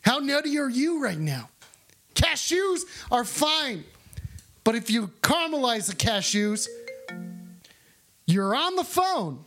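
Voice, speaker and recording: A man with a very high voice that swings all over as he trolls a caller. He mocks, argues and keeps needling. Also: big pitch swings, takes it slowly, long pauses, fairly bright tone, soft background music. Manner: trolling, mocking, argumentative. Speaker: host taking calls. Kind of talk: comedic phone bit.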